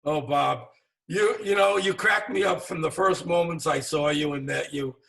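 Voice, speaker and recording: A man's voice: fairly high pitch, normal speed, gravelly, a bit bright, distant mic, low-quality recording. A man hosting an interview, enthusiastic and full of praise for his guest. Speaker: host.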